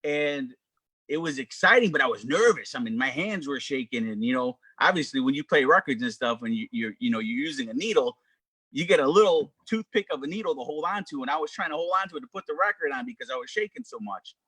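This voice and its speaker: A middle-aged man being interviewed as a DJ guest, telling a story with animated quoted voices. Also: mid-range voice, quick pace, husky, no room sound.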